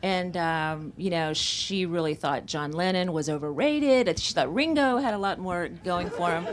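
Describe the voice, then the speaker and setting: A woman with a lowish voice and a slightly slow pace speaks at a bookstore event. She's an author from Central Florida, sharing candid, reflective stories about her memoir in a conversational book talk.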